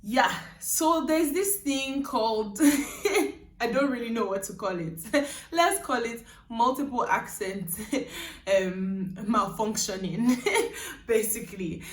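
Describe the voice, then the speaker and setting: A woman's voice: on the high side, animated, unhurried. A young woman vlogging in casual chat, her accent shifting between Nigerian and British, rambling and laughing often. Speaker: YouTuber. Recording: roomy, mic at a distance.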